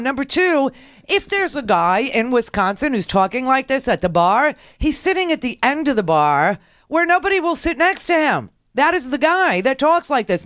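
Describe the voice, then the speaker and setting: A woman's voice: high voice, fairly bright tone, no echo, studio quality. A middle-aged woman hosting a talk radio show, giving sarcastic, rambling political commentary full of restarts.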